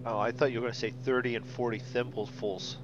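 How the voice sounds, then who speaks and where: A man's voice: medium pitch, fast talker. Easygoing man on a dull, noisy mic. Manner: easygoing, laughing, stumbling over words. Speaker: pilot on a flight sim stream. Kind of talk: casual chat. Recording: dull lo-fi mic with steady noise.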